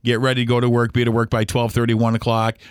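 A man's voice: medium pitch, completely flat delivery, fast, clean tone, no echo. Middle-aged US man, podcast host, loose anecdotal delivery, dry booth sound. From United States. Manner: rambling, acts out remembered dialogue. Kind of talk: casual storytelling podcast.

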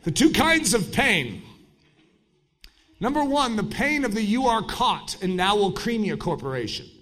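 Animated high-voiced male preacher. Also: measured pace. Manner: animated, jumps into shouted mock voices. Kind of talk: sermon.

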